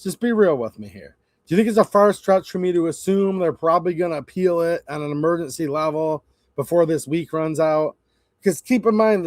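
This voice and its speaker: A man runs a live stream, talking bluntly and casually to his viewers in a slightly high voice. The sound is dry and close, with no room echo. He gives strong opinions and answers his chat directly. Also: darkish tone.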